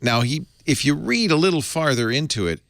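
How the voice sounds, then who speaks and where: A man's voice: fairly high pitch, lively intonation, brisk, creaky, a bit bright, no room sound. A man hosting a tech podcast, playful and joking as he chats with his guests. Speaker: podcast host. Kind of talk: casual tech chat.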